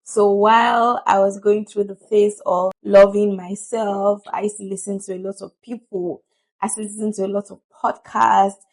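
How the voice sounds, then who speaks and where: Female vlogger, mid-pitched, a bit of fry, earnest motivational chat. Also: flat delivery, normal speed, a little mellow. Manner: chatty and earnest, laughs often. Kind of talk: casual motivational talk to camera.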